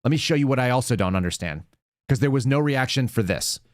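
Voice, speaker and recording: A man hosting a live commentary show, blunt and openly indignant as he rambles through his points. His voice sits at an ordinary middle pitch and sounds dry and close, with no room echo. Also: animated, quick pace. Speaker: show host.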